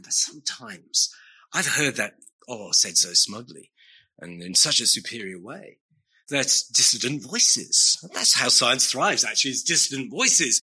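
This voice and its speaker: A man's voice: medium pitch, expressive, a little slow, sharp tone, breathy edge. A man preaching a sermon, emphatic and earnest, repeating phrases for stress with wry asides.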